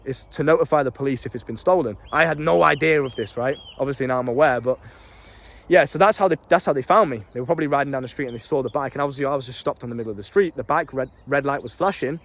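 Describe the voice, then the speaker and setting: A young British man telling a story in a casual, animated way, laughing often and swearing freely. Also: mid-range voice, fast talker. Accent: British English. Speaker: self-improvement YouTuber.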